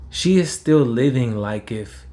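A man's voice: medium pitch, animated, a little slow, dark tone. A man, telling a personal story in a rambling, heated, profane way. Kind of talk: casual storytelling.

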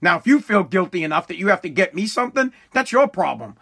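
A man's voice: high-pitched, sing-song, fast talker, vocal fry, fairly bright tone, slightly rough. A man in his thirties ranting bluntly about birthdays and money, swearing freely and restarting his sentences. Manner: profane, blunt, rambling with restarts. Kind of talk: ranting monologue.

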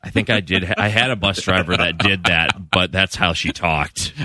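A man's voice: low voice, moderate pace, bright, forceful tone, dry recording, clean studio sound. A man telling a sheepish, self-deprecating story in a casual chat.

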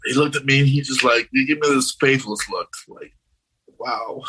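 A man with a husky, bright-edged voice recounts a frightening personal experience. He talks casually and keeps slipping into the voices of the people he quotes. The telling is loose and conversational, full of fillers and restarts. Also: mid-range voice, brisk, poor audio. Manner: animated, acts out quoted voices. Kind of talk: personal storytelling.

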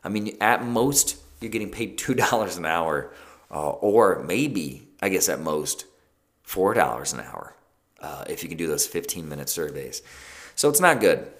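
Low-voiced man hosting a casual podcast. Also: big pitch swings, measured pace, fairly bright tone. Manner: conversational, with frequent fillers and self-corrections. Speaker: podcast host. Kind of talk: casual solo podcast talk.

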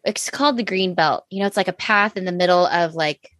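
A woman's voice: fairly low pitch, brisk, a bit bright, dry recording. Chatty woman with a dry sound. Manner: chatty, slangy storyteller. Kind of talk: casual chat.

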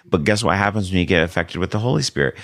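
A man's voice: sits low, racing, fairly bright tone, no room sound, clean studio sound. A male pastor, a guest on the show, telling his testimony in a rambling, conversational way with lots of fillers. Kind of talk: storytelling testimony in casual chat.

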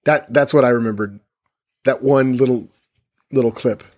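A man's voice: medium pitch, normal speed, a little mellow. Casual chatty man co-host. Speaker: podcast co-host. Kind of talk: casual chat.

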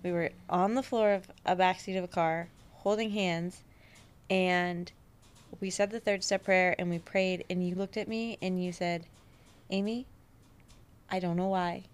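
A woman's voice: on the low side, steady tone, unhurried, clean tone. A woman hosting a podcast, chatting casually and chiming in supportively on a friend's story. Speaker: podcast host. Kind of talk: casual conversation.

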